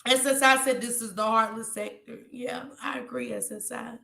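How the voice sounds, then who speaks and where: A woman's voice: a little high, fairly even intonation, moderate pace, creaky, pushed and bright, echoey room. A woman vlogger talking to her viewers in an impassioned, tearful way and reading out their chat comments. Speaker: YouTube vlogger. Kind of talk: emotional livestream talk to viewers.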